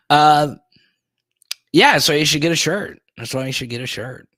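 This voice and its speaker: A man's voice: fairly high pitch, lively intonation, takes it slowly, pauses often, sharp tone, dry recording, studio quality. A man hosting a live stream in casual chat, playful and teasing, with a joking repeated "huh?".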